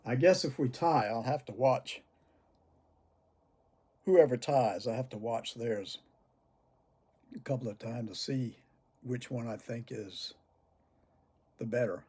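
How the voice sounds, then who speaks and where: Husky older man telling stories, chuckling. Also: mid-range voice, slow pace, long pauses, dark tone. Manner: chuckles through his stories. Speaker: cigar vlogger. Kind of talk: casual storytelling to camera.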